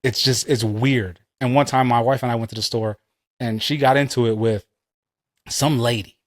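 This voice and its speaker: A man's voice: mid-range voice, steady tone, normal speed, no room sound, clean studio sound. Profane, rambling male podcast co-host. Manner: loose, profane storytelling with tangents. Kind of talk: casual chat.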